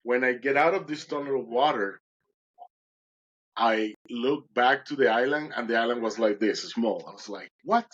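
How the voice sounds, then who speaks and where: A man's voice: mid-range voice, moderate pace, fairly bright tone, husky, muffled recording. A podcast guest, a man, recounting a dramatic personal story in conversation and acting out his own words with animation.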